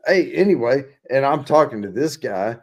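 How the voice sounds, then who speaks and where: A man's voice: mid-range voice, expressive, normal speed, a little mellow. A middle-aged man hosting a casual beer chat, telling stories and swearing freely. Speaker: host. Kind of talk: casual chat over beers.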